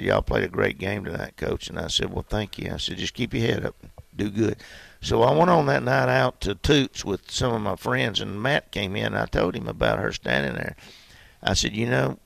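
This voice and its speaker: A man's voice: fairly low pitch, gravelly, no echo. A man, a basketball coach telling stories in a folksy way in a radio interview. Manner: folksy storytelling.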